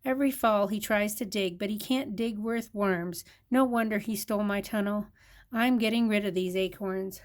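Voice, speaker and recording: Older woman voicing a grumpy female mole, storybook, complaining, snappish, mid-pitched. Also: normal speed, natural voice. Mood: grumbling.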